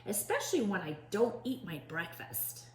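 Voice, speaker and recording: A woman's voice: mid-range voice, big pitch swings, normal speed, reverberant, heavy background noise, lightly acted. A woman voicing prim, well-spoken young male sailors who talk in fancy, proper words.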